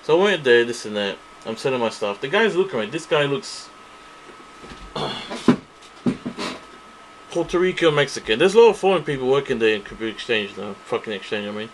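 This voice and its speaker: A man's voice: mid-range voice, very animated, fairly quick, pauses often, background noise. A man ranting angrily to camera, profane and repetitive, circling back to the same complaints. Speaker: vlogger. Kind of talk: angry ranting monologue to camera.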